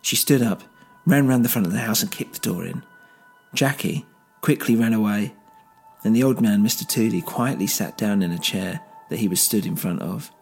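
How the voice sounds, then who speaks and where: Guy telling a story, low gravelly voice, faint music behind. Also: normal speed, a little mellow. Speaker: narrator and host. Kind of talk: first-person story narration.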